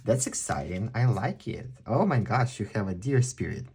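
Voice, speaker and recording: A man with a non-native English accent giving a chatty, excitable pick-a-card tarot reading. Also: fairly low pitch, normal speed, husky. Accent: non-native English speaker. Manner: chatty, excitable, exclaims often. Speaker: tarot reader.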